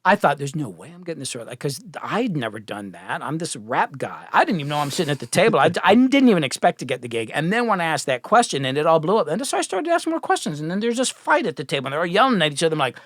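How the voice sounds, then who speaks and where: A middle-aged man, a music producer, telling stories as a podcast guest, animated and profane, acting out the people he quotes. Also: a little high, quick pace, hardly any pauses, no room sound, clean studio sound. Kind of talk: casual storytelling.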